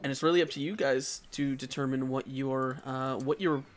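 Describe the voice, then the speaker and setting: A man running a tabletop game as game master, narrating with many pauses and fillers. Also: mid-range voice, fairly even intonation. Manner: hesitant, many fillers and restarts.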